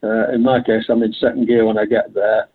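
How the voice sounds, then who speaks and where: A man's voice: fairly low pitch, flat delivery, brisk, breathy edge. An older man speaking as a guest in an interview, telling anecdotes in a chatty way with frequent laughs. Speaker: guest, veteran hill climb driver. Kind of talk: conversational interview. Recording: tinny phone line.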